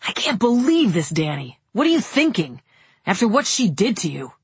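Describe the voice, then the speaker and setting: A woman's voice: sits low, moderate pace, breathy edge, dry recording. A woman voicing an angry, indignant young man in a storybook reading, raising his voice. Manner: indignant, raises voice.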